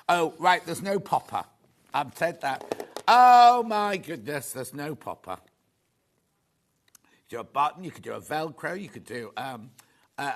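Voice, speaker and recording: A man presenting a live shopping show in a studio, chatty and rambling with quick asides. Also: mid-range voice, vocal fry, a bit bright. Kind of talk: live selling chat.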